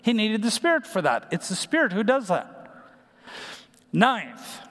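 A man preaching a numbered sermon, pausing with fillers and restarting phrases. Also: sits high, huge pitch swings, fairly bright tone. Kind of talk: sermon teaching. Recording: long hall reverb.

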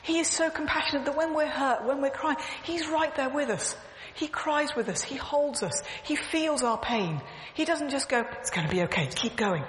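A woman's voice: high-pitched, moderate pace. A woman giving an earnest, emphatic sermon, repeating phrases as she tells stories. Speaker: church speaker. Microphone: clip-on mic, echoing. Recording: echoey hall, faint background noise.

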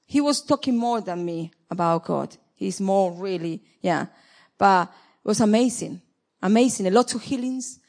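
A fairly high-voiced middle-aged woman, not her first tongue, preaching a sermon. She swings from quiet, soft asides to loud, emphatic exhortations, repeating phrases for weight.

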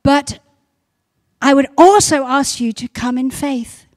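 A woman pastor giving a sermon, building to loud repeated emphasis. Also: high voice, slow.

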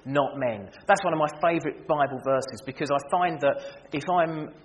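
A man preaching a sermon, animated and humorous, acting out everyday scenes to make his point. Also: a little high, fairly quick. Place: church. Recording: reverberant church hall with faint noise.

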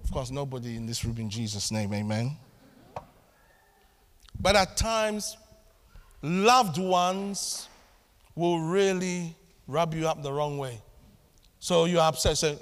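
A man preaching a sermon to his church, animated and acting out little family scenes as he talks. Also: on the high side, takes it slowly, pauses often. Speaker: pastor. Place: church hall. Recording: long hall reverb.

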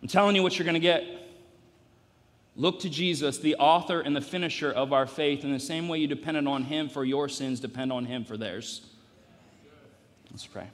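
A man's voice: fairly high pitch, fairly even intonation, normal speed, pauses often. Man preaching in a reverberant hall. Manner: preaching with emphatic repetition, building to loud peaks. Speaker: pastor. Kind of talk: sermon. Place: church sanctuary.

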